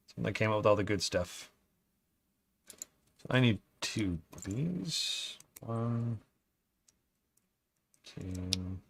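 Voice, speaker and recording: A man hosting a casual live stream while he builds Lego, reading out viewer comments and sharing opinions, often dropping to quiet muttering as he works. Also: lowish voice. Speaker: livestream host building Lego.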